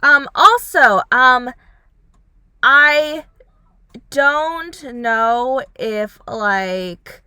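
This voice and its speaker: Bright-voiced young woman rambling casually. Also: sits high, drawn-out words, pauses often, clean tone, dry recording. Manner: rambling, heavy on fillers like "like" and "um"; animated, acts out characters' lines. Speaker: vlogger reviewing a TV series. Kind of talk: casual chat.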